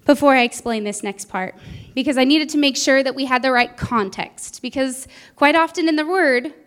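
Earnest woman preacher with a high voice, telling her own story from the pulpit. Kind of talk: sermon.

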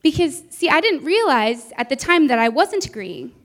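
Earnest woman preacher with a high voice, telling her own story from the pulpit. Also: very animated, normal speed. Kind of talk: sermon.

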